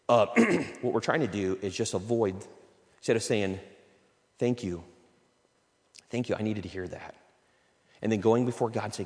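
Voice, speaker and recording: A man's voice: medium pitch, expressive, a little slow, pauses often, in a large hall. A man preaching a conversational sermon, acting out little everyday dialogues as he goes. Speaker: pastor.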